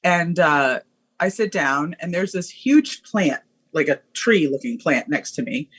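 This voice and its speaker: A woman guest telling a story in a casual, animated way, laughing often and using lots of fillers. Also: sits low, measured pace, husky.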